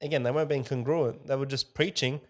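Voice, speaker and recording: Animated male podcast co-host. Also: medium pitch, fast talker. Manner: animated, lively when quoting others. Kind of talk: casual business podcast chat.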